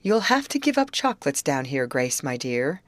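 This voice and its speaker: A woman's voice: a bass voice, big pitch swings, moderate pace, no echo. A woman voicing a cheerful young woman who speaks in a playful, teasing way.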